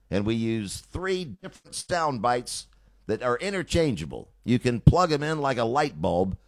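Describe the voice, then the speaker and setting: A male talk radio host delivers a sarcastic, opinionated monologue. His pitch moves in a lively way. The studio sound is close and dry. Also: dry recording. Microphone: studio mic.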